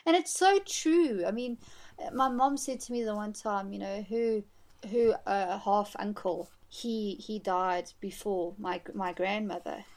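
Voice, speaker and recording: A woman's voice: mid-range voice, a little slow. A woman co-hosting a podcast, chatting animatedly about a film. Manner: animated, acts out quotes, laughs often. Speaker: podcast co-host. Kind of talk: casual chat about a film.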